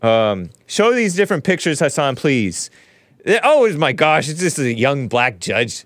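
A man's voice: a little high, big pitch swings, unhurried, a bit bright, no room sound, clean studio sound. A man hosting a talk show, commenting sarcastically in a rambling, casual way, often laughing at his own remarks. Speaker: show host.

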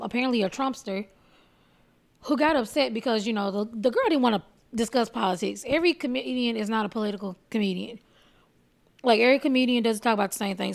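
Texas comedian lady going off on a podcast, cussing a lot, kinda high voice. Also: creaky. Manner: profane, blunt, animated storytelling. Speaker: stand-up comedian hosting a solo podcast. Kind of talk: casual comedic rant.

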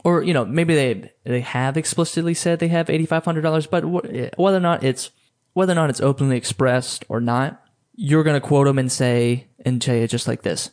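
A man's voice: medium pitch, a little fast, a little mellow. Casual male podcast host with a mid-range voice, rambling, filler-heavy coaching talk. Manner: loose and chatty, many fillers and restarts.

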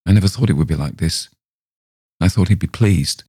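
Fragile despairing young woman, read by a man in a dull little voice, dark and dry. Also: low voice, fairly quick, husky, no room sound.

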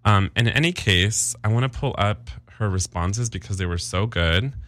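A man's voice: fairly low pitch, normal speed, fairly bright tone, no echo. A man co-hosting a podcast, chatting casually with lots of fillers and easy laughter. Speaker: podcast co-host. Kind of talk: casual chat.

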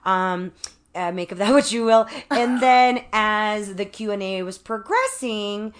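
A woman guest on an interview, telling stories in a casual, animated way, with many fillers and restarts. She acts out quotes as she talks. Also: mid-range voice, a little slow. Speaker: guest author. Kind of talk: casual conversational storytelling.

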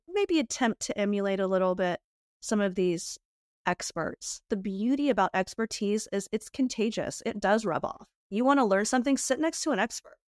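A middle-aged woman from the United States, a guest in an interview who candidly tells lively, animated stories and laughs often. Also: fairly high pitch, dry recording, clean studio sound. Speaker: guest, beauty entrepreneur. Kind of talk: candid storytelling in a podcast interview.

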